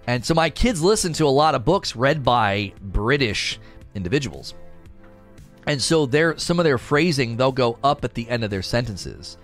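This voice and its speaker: Chatty man with a lively voice. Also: medium pitch, normal speed, faint music behind. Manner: rambling, chatty, animated. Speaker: streamer reading chat. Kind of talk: casual livestream chat.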